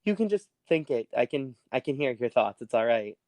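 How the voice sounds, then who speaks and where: A woman voicing a quiet, mousy telepathic voice that speaks gently. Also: a bass voice, big pitch swings, brisk, no echo. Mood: gentle. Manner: soft, gentle, reassuring.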